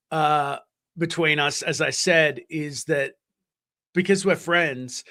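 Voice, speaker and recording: A man's voice: fairly high pitch, a bit bright. An Australian man hosting a live stream, chatting casually, swearing freely and reading out comments from chat. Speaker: livestream host.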